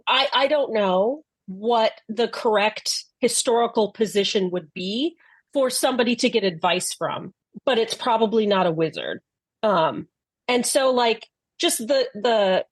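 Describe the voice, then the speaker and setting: A woman's voice: a little high, no echo. A woman co-hosting a podcast, recapping a show in casual chat with blunt, sarcastic remarks. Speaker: podcast co-host.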